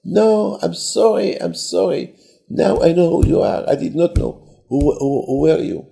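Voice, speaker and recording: A man's voice: mid-range voice, animated, normal speed, gravelly, warm tone. A man voicing an anxious male homeowner who begs forgiveness from his guest. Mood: pleading. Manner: begging, apologetic.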